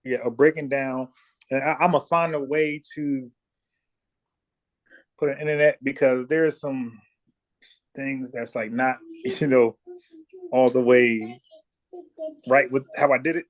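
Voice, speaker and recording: A man's voice: mid-range voice, steady tone, a little slow, pauses often. A man from South Carolina hosting a livestream, talking bluntly and profanely, repeating words when he gets fired up. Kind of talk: casual heated debate.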